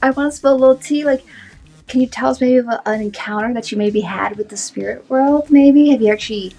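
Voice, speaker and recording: A woman's voice: a little high, brisk, warm tone, soft background music. A woman hosting a casual livestream chat show, effusive and full of exclamations. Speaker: host.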